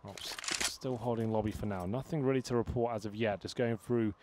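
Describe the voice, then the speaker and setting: A man giving live play-by-play commentary on a competitive shooter match, steady and analytical with dry asides. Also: on the low side, fairly quick, noisy background. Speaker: esports commentator.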